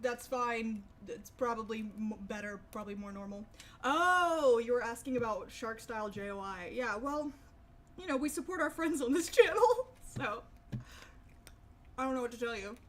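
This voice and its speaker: A woman's voice: on the high side, slight background noise. A young woman chatting casually with her stream viewers, rambling and swearing freely. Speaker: livestreamer.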